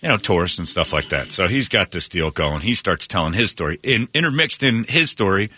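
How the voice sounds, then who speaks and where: Male radio host, deep and forceful, dry studio sound, rambling animated storyteller. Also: a little fast, dry recording. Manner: animated retelling with many restarts and fillers. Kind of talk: casual storytelling chat. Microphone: studio microphone.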